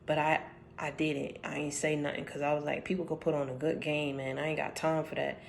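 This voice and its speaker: A woman's voice: low-pitched, flat delivery, fairly quick, gravelly, slight background noise. A woman giving an informal prophetic message, preaching in a slangy, conversational storytelling way. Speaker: prophetic speaker.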